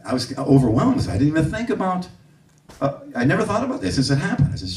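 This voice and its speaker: A man giving a music clinic to a live audience, an animated storyteller who acts out the people he quotes. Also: fairly high pitch, fast. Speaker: bass clinician. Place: room with an audience. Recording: roomy audio from a distant mic.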